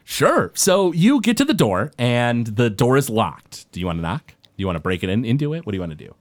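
A man's voice: medium pitch, very animated. A man running a tabletop game as game master, narrating casually with frequent halts. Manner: casual, halting, with many restarts.

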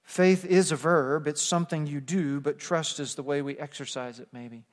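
A man preaching a sermon as pastor, moving between quiet conversational asides and emphatic, rising passages. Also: fairly high pitch, steady tone, moderate pace. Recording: long hall reverb.

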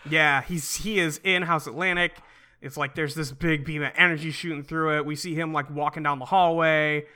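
A man co-hosting a podcast, recapping a comic in casual chat with a wry, deadpan manner and casual swearing. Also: fairly high pitch, normal speed, smooth. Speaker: podcast co-host.

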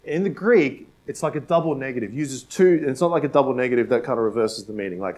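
A man preaching a sermon in a conversational way, tossing in "right?" and "like" asides and repeating key phrases for emphasis, sometimes dropping to a hush. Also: medium pitch, quick pace, hardly any pauses. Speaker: pastor.

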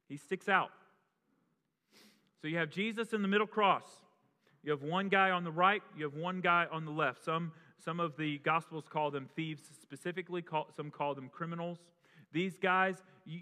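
A man's voice: fairly high pitch, sharp tone. A pastor preaching an impassioned sermon, often restarting his phrases. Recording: long reverb of a large hall.

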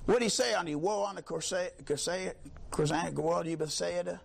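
A man preaching a sermon, fiery, swinging from low talk to high shouts. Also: fast talker, creaky, a little hiss or hum.

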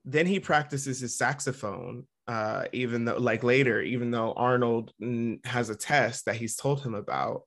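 A man co-hosting a podcast, casually recapping a cartoon episode over a video call, chatty, with quick asides. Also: medium pitch, creaky, fairly bright tone. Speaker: podcast co-host.

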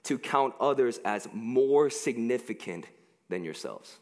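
Joking pastor in an echoing hall. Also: male voice, medium pitch, a little slow. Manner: animated, joking, conversational with many fillers. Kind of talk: casual sermon. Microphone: headset.

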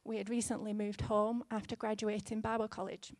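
A woman in her thirties preaching a sermon in an earnest, gently conversational way, with fillers here and there. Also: medium pitch, flat delivery, brisk, no room sound, studio quality.

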